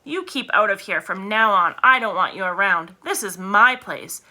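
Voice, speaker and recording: A clever fox father talks brisk and upbeat, rallying his family, as a woman reads him. The voice is bright with lively swings. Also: mid-range voice.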